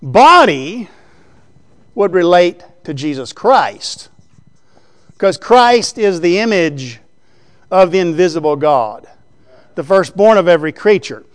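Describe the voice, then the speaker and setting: A man's voice: high-pitched, expressive, slow pace, long pauses. A man preaching a Bible teaching sermon in a conversational way, often checking in with the listeners through rhetorical questions. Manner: writes on a board while teaching.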